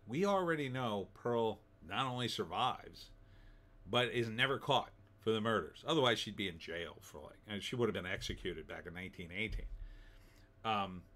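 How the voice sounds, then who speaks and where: A man's voice: on the low side, lively intonation, normal speed, fairly bright tone. A middle-aged man giving a casual, rambling spoken movie review, full of fillers and restarts. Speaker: film reviewer.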